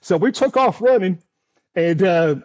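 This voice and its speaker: A man with a notably high voice tells a story at length as an interview guest. He is animated and chuckles often, tripping over his words and restarting as he goes. His style is casual and conversational. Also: unhurried, muffled recording. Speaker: storm chaser interview guest.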